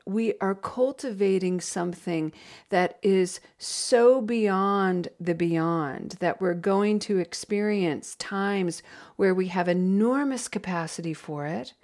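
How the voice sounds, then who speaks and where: A woman facilitating a recovery group, giving a gentle, reflective guided meditation talk. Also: mid-range voice.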